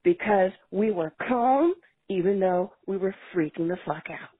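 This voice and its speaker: Husky woman caller on a tinny phone line. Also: medium pitch, normal speed, no echo. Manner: profane, expressive storytelling. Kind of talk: casual phone-in story.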